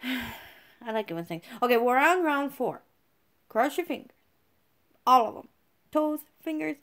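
Woman, game streamer, high voice, swoopy lively pitch, giggly, swearing, squealy. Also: measured pace, long pauses, noisy background. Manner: giggly, swears freely, squeals when she wins. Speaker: gaming streamer. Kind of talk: excitable let's-play commentary.

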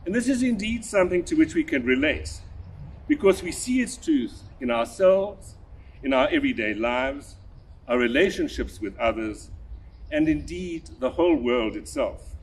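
A husky older man preaching a sermon, his voice rising and falling in wide, lively swings. He speaks in a measured, deliberate way, pressing hard on key words. His voice sits a little higher than most men's. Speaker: priest.

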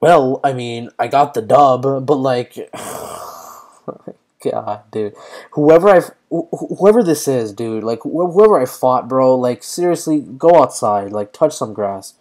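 A man's voice: medium pitch, animated, slow pace, darkish tone. A young man giving live commentary while playing a mobile fighting game, talking in slang and often exclaiming in frustration.

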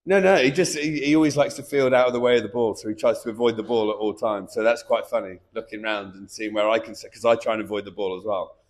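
A man's voice: fairly low pitch, fairly even intonation, fast, few pauses. A middle-aged Englishman, chatting in an interview. He teases and jokes his way through his answers in an easy, conversational voice. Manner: joking, playful. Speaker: retired cricketer interviewee. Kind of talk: casual interview.

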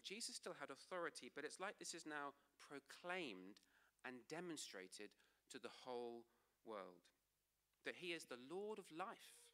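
A man preaching a sermon in church, emphatic, slowing for key phrases and dropping low and soft at line ends.

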